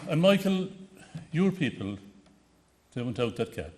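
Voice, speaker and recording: A man's voice: on the high side, very animated, a little slow, long pauses, darkish tone. A man from the west of Ireland with a Connemara accent gives an anecdotal tribute speech, often restarting and hesitating as he tells his stories. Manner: storytelling with frequent restarts and hesitations. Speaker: award ceremony speaker.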